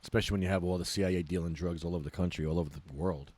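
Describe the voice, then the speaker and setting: A man hosting a podcast, ranting in a casual, profane and animated way. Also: low voice, very fast. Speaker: podcast host.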